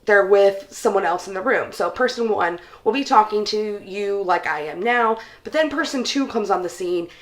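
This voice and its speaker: A woman's voice: mid-range voice, moderate pace, hardly any pauses. A young woman in a casual, chatty book vlog, talking enthusiastically straight to her viewers. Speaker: book vlogger. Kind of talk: casual book review chat.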